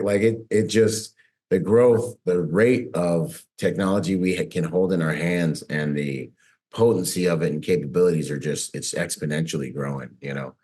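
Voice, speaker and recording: A man's voice: low-pitched, dark tone. A man hosting a podcast, talking in a laid-back, slangy way and laughing often as he swaps stories with a guest. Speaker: podcast host. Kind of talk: casual chat.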